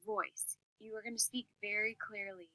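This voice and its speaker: Female teacher, clear expressive lesson delivery, bright tone, dry close sound. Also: medium pitch, moderate pace, no room sound, rough recording. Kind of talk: classroom lesson on public speaking.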